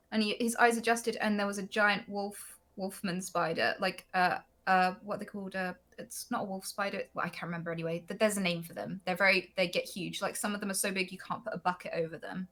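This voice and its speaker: A woman in her thirties, a guest streamer on a call, telling stories in lively, animated chat. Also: mid-range voice, brisk, few pauses. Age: 30s. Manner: animated storyteller, acts out reactions.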